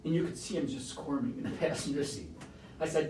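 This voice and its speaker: A male pastor preaches a sermon, his slightly high voice climbing for emphasis and dropping to a hush. He sounds a little way from the mic, and the room adds a clear echo with faint ambient noise behind him. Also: steady tone, moderate pace. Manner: storytelling with emphatic rises and soft, hushed moments. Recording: roomy echo, mic at a distance.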